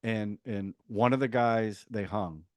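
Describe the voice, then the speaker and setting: A man hosting a podcast, casually reviewing a TV series and retelling scenes in a chatty, animated way with quick asides. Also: lowish voice, no echo.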